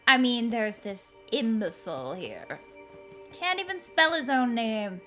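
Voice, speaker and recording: A woman streams her game while playing up a haughty, scornful queen persona. Her voice is bright and a little high, and she takes her time over each line. Faint game music plays behind her. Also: big pitch swings, a little slow. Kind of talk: in-character gameplay commentary.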